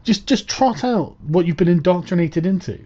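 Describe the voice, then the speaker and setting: A sarcastic man talks over a clip, mocking and swearing as he picks it apart. His voice is slightly high and dark in tone. The audio is dull and lo-fi. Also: animated, moderate pace. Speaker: commentator. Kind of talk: reaction commentary.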